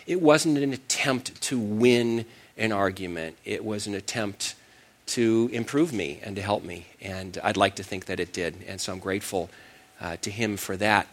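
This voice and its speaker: A man's voice: fairly low pitch, a bit bright. A middle-aged man preaching a sermon, telling a personal story in a self-deprecating way with frequent restarts. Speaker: pastor.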